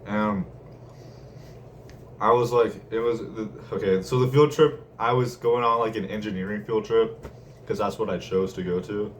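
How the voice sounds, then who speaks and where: A man's voice: on the low side, fairly even intonation, normal speed. A young man rambling casually with lots of slang and laughter while telling a story from his day. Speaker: vlogger. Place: room at home. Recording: distant mic, faint room noise.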